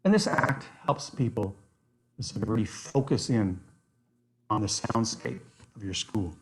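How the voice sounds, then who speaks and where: A man presenting an online workshop on nature activities, enthusiastic and given to animated storytelling. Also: lowish voice, measured pace, slight background noise. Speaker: outdoor educator, workshop presenter.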